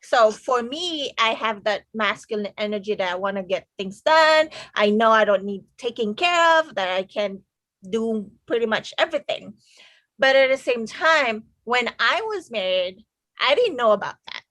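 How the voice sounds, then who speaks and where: Female guest in a casual discussion, higher pitch, hesitant with lots of fillers. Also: expressive, normal speed, a bit bright, no room sound. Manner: hesitant, searching for words, many fillers. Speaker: discussion participant.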